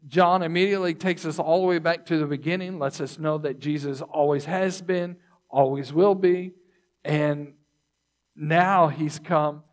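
Slow, deliberate preaching man. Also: a little high. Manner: slow, deliberate teaching with repeated phrases; throat clearing between points. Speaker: pastor. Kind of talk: sermon.

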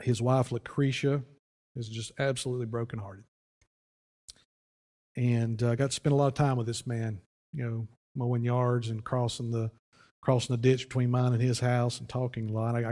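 A pastor telling a story in a folksy, conversational sermon, with frequent restarts. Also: male voice, medium pitch, a little mellow. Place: church sanctuary. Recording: long church reverb.

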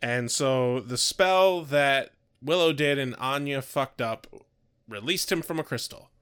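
A man's voice: mid-range voice, a bit bright, smooth. A man co-hosting a casual podcast, recapping a TV episode with wry puns. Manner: wry, punning, unhurried. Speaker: podcast co-host.

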